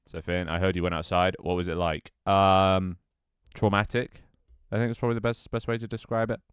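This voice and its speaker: A man's voice: deep voice, level tone, fairly quick, clean tone, dry recording, clean studio sound. A tired, out-of-breath young man chatting casually with his livestream audience, sighing and swearing offhandedly. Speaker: Twitch streamer.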